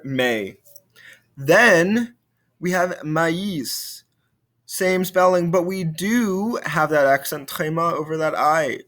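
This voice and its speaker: Man teaching a French video lesson. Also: on the high side. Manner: relaxed, many fillers and restarts.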